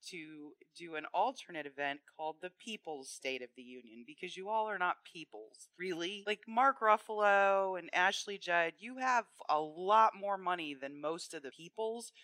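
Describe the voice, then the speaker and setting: Co-host, sardonic and blunt, bright tense delivery, dry close recording. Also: mid-range voice, normal speed, hardly any pauses, no room sound. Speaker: podcast co-host. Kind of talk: casual political chat.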